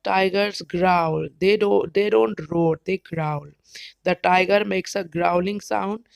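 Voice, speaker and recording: A woman teacher with an Indian English accent, explaining slowly and carefully, sometimes spelling words out letter by letter. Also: lowish voice, steady tone, gravelly, smooth, no room sound, rough recording. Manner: careful, spells words out, brief animal imitations. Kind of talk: slow educational explanation.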